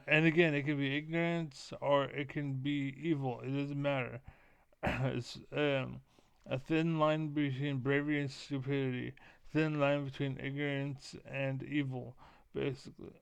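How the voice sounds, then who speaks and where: Gravelly, flat-voiced man ranting profanely. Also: medium pitch, no echo. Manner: rambling, profane, keeps repeating filler words; frequent throat clearing. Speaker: streamer. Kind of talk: casual rant to camera.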